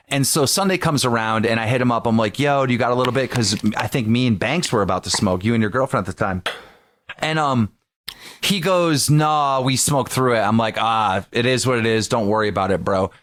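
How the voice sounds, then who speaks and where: A man co-hosting a podcast, telling stories in an animated, profane way and acting out what people said. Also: mid-range voice. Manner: animated, profane storytelling with acted-out quotes. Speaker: podcast co-host. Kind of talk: casual podcast chat.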